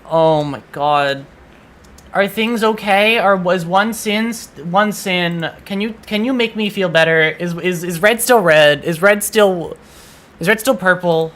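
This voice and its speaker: A man chatting on a game stream with a slightly high, bright and edgy voice. He sounds exasperated, swears freely and keeps restarting his sentences as he vents. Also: a little slow. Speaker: VTuber streamer. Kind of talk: casual gaming stream chat.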